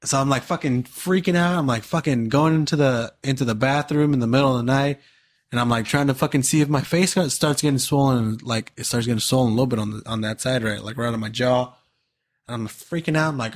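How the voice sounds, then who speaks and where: A man's voice: medium pitch, fairly even intonation, brisk. A young man chatting casually with friends, telling a story in laid-back slang and heavy swearing. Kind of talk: casual chat.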